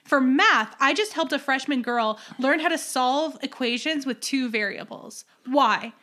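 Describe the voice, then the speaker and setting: High-voiced young woman ranting. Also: moderate pace. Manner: ranting, animated. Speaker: podcast co-host. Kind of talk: casual podcast chat.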